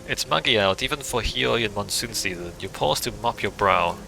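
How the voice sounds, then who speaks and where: A man's voice: on the low side, moderate pace, creaky, few pauses, over music, low-quality recording. A man playing through a video game, reading its text aloud and adding dry, amused asides. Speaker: game streamer.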